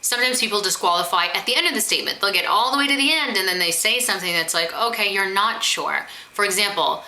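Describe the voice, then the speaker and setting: A woman's voice: mid-range voice, a little fast, few pauses, pushed and bright. A woman giving advice in a vlog, talking directly and emphatically and acting out little quoted phrases. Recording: echoey room.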